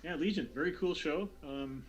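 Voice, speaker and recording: A man's voice: a little high, moderate pace, dull audio, faint music behind. A man hosting a streamed tabletop game, chatting loosely with many fillers and restarts before the recap. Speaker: game master. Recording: noisy online call with keyboard clicks.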